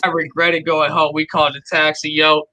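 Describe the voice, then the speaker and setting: Bright-voiced man telling a wild story. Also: on the high side, moderate pace, rough recording. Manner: animated, profane, slangy. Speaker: stream host telling a story. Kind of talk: casual storytelling chat.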